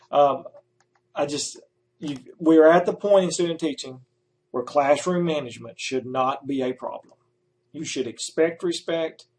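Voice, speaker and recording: A man's voice: medium pitch, darkish tone. A middle-aged man who supervises student teachers, giving emphatic advice and repeating his key points.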